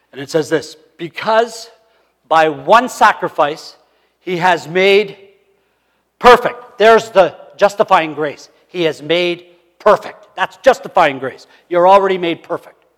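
A man delivers a sermon in a fairly high voice. He moves from punchy, emphatic declarations to quiet, hushed asides. His voice rings out with a long reverb in a church sanctuary. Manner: animated preaching, swinging from loud emphasis to hushed asides. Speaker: pastor.

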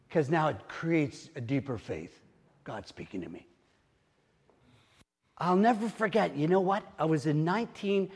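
High-voiced older pastor preaching in an echoing hall. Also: male voice. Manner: animated storytelling, rising to excited exclamations. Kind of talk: sermon. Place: church hall. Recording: long hall reverb.

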